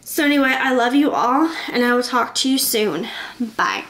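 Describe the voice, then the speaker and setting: A young woman vlogging from her bedroom in a chatty, excitable, rambling way. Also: fairly high pitch, normal speed. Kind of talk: casual vlog chat.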